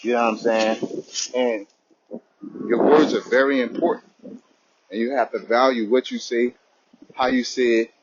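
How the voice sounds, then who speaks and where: A man's voice: mid-range voice, husky, lo-fi sound. A man giving an informal spoken religious lesson, talking conversationally and often asking "you know what I'm saying".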